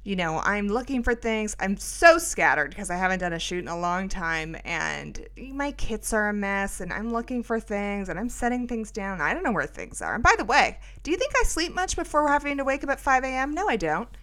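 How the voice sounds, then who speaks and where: Bright-voiced chatty middle-aged woman. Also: fairly high pitch, big pitch swings, brisk, hardly any pauses. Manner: chatty, rambling, self-mocking, lots of fillers. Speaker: podcast host. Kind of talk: casual storytelling monologue.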